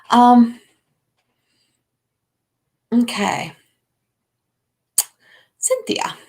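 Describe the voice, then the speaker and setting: A woman's voice: a little high, vocal fry. An older woman hosting a live intuitive reading, talking in a rambling way with many fillers and calling viewers by name. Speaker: intuitive card reader.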